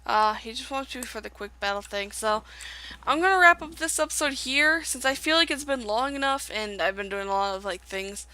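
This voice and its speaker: A woman's voice: fairly high pitch, expressive, normal speed, sharp tone. A young woman giving casual, rambling commentary while playing a video game. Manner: chatty, rambling, with fillers. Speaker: gaming video creator. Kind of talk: casual let's-play commentary.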